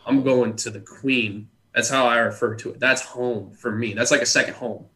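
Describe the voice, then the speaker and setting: A man's voice: mid-range voice, fairly even intonation, moderate pace, sharp tone. A young man from California, a podcast guest telling rambling stories with a joking streak. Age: young adult. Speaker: podcast guest, former haunt scare actor. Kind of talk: casual podcast interview.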